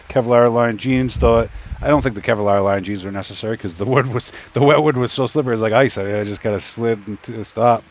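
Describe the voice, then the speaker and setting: A man casually telling a story while tinkering with a 3D printer, rambling and stop-start, talking to himself as he works. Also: medium pitch. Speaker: 3D printing YouTuber. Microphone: phone.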